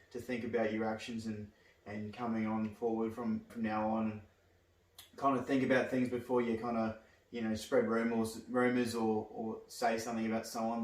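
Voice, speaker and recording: A young man hosts a casual chat in a lowish voice, earnest and halting, and often restarts his sentences. He sits back from the mic in a room with a noticeable echo. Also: a little mellow. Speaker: podcast host. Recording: echoey room, distant mic.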